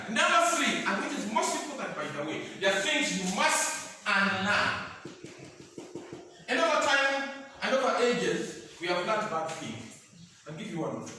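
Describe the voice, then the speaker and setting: A man's voice: high voice, very animated, normal speed, sharp tone, distant mic. A man giving a motivational talk, with repeated lists and call-and-response questions to the audience. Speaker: motivational speaker and career guide. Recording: echoey room, speaker off mic, faint noise.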